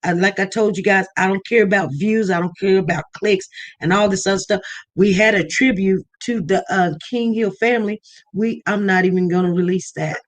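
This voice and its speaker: A woman hosting a casual live-stream chat, talking freely and animated. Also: mid-range voice, brisk.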